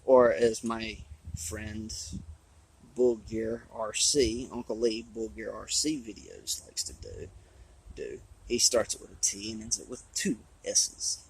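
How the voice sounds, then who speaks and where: A man, chatting casually and rambling about his hobby, his voice hoarse from talking a long time. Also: on the low side, takes it slowly, slight background noise, rough recording. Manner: rambling, drawling, with restarts. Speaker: RC hobby vlogger. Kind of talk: casual trailside chat. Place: outdoors on a trail.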